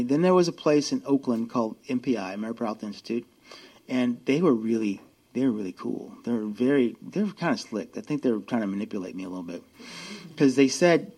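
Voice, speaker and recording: A man's voice: medium pitch, a little mellow, slightly rough. A man in his fifties speaking at a recovery meeting, telling a self-mocking story with a wry edge and acting out both sides of the dialogue. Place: meeting room.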